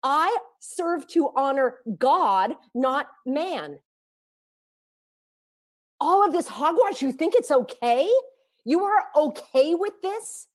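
A woman speaking straight to her viewers, out of breath, firing rhetorical questions that build to near-shouting. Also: sits high. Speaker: activist vlogger. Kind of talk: impassioned direct-to-camera monologue.

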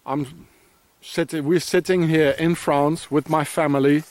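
A man's voice: fairly high pitch, fairly even intonation, a little slow, darkish tone, no room sound. A man with a South African accent filming himself outdoors in the snow, ranting bitterly and accusingly at those he blames, repeating his insults. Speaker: father filming a vlog. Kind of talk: angry ranting vlog to camera.

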